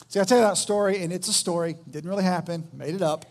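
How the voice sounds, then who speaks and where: A man preaching a sermon as pastor, telling a story with acted quotes and halting restarts. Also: sits high.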